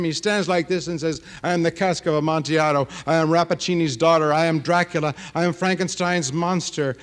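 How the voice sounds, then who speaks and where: Fiftyish writer guy giving a talk, kinda high voice, feisty, keeps going "huh?". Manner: animated, feisty, tags "huh?" after remarks. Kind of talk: lively speech to an audience.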